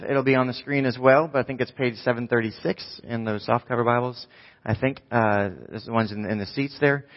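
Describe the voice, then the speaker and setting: A man's voice: on the low side, highs cut off. A man in his thirties, a pastor preaching in a church, telling a story in a casual, rambling, self-mocking way. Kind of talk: preaching a sermon with a personal story.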